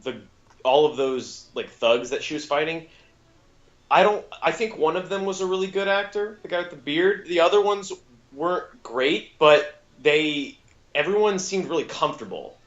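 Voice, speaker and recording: A man's voice: on the high side, normal speed, lo-fi sound. A man co-hosting a casual podcast film review, rambling with frequent fillers and self-corrections. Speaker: podcast co-host.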